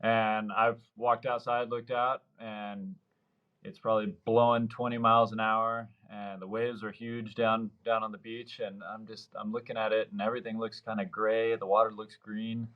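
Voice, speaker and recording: A surf fishing guide in his thirties from Baja California Sur, Mexico, rambles through anecdotes in a casual interview, acting out the voices of people he quotes. His voice is fairly low and level, at a moderate pace, on a muffled recording.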